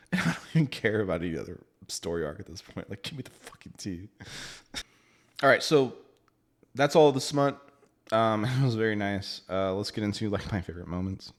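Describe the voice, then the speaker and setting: A man casually reviewing a book, animated and laughing often, with the odd swear word. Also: lowish voice, moderate pace, long pauses.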